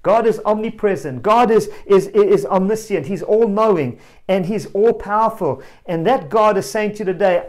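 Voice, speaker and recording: A male preacher giving a family sermon, telling a story with animated energy and calling out directly to children and parents. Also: sits high, normal speed. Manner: animated storyteller, rising to loud exclamations.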